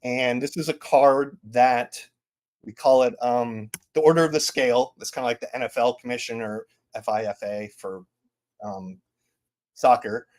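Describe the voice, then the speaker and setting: A man's voice: medium pitch, steady tone, normal speed, darkish tone. A man in his thirties casually presenting game updates at a community town hall, rambling with lots of fillers and restarts.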